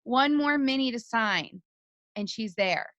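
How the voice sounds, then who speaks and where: Woman co-host, bright voice, dry close sound, rambling casual encouragement on a video call. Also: fairly high pitch, lively intonation, unhurried, no echo, muffled recording. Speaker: team leader co-hosting a motivational call. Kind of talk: casual motivational chat.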